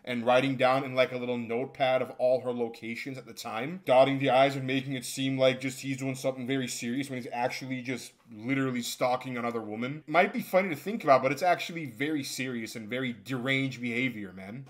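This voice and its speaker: A man's voice: medium pitch, brisk, few pauses. A young man giving sarcastic, mocking reaction commentary for an online video. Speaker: commentary youtuber.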